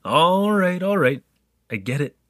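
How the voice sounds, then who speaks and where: A man voicing a young diarist, lively swinging pitch, bright, dry close recording, animated and joking. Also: a little slow, no echo. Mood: playful. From Canada. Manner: animated, joking, wandering asides. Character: young male newcomer keeping a spoken diary, curious, chatty. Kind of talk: audio drama narration.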